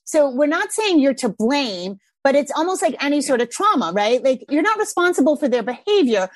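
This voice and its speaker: A middle-aged woman and parenting coach chatting casually on a podcast, animated, laughing often and acting out little scenes. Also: high-pitched, a little fast, no room sound.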